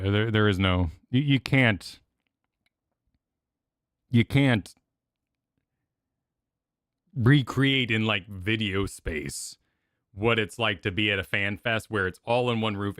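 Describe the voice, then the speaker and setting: This streamer, a young man with a voice on the low side, rambles animatedly while reacting to event videos, restarting sentences often and filling gaps with filler. The sound is dry and studio clean.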